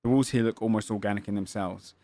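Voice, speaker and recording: A man's voice: fairly low pitch, steady tone, quick pace, warm tone, no echo. A man running a tabletop game as game master, describing scenes at length with frequent fillers and self-corrections.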